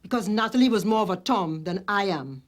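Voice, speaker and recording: A woman's voice: mid-range voice, animated, brisk, natural voice. A woman playing a curt, guarded neighbour. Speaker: neighbour of the victim. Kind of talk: TV police drama acting.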